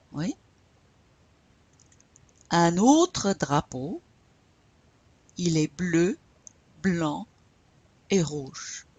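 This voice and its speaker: A woman whose voice sits low with a breathy edge leads a recorded French class. She asks questions with patience, then demonstrates the answers herself.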